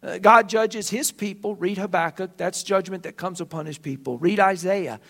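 A man preaching a sermon, telling the story with animated delivery. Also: sits high, normal speed, vocal fry. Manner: animated storytelling, acting out the characters. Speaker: pastor.

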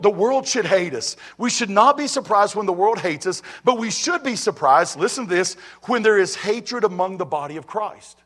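A man preaches to his congregation in a high, light voice. He talks conversationally, restarts phrases and keeps asking if they are ready. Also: fairly bright tone. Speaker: pastor. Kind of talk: sermon. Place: church sanctuary.

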